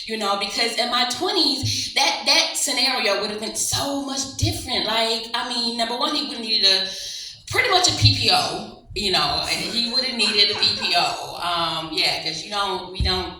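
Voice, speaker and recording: A woman in her forties doing open mic stand-up, fast and chatty, rambling with fillers. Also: a little high, bright, forceful tone, distant mic. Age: 40s. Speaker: stand-up comedian. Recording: echoey room, faint noise.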